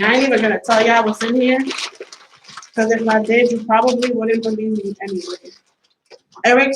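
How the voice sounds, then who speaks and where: New woman hosting her podcast, kinda high voice, cussing and laughing, a bit out of breath, echoey room. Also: a bit bright, a little hiss or hum. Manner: loose, profane, laughing storytelling. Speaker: podcast host. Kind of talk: casual chat. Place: room with friends.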